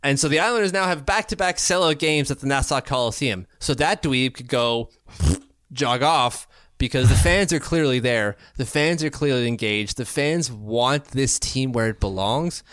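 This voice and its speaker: Animated, opinionated male podcast co-host. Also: medium pitch, moderate pace, dry recording, clean studio sound. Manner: animated, opinionated, many restarts. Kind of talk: casual chat.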